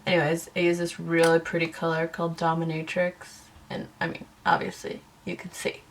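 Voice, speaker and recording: Woman, casual bedroom vlog, giggly, rambling, self-conscious, lowish voice. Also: completely flat delivery, fairly quick, creaky, slight background noise. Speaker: beauty vlogger. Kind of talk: casual talk to camera. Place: her bedroom.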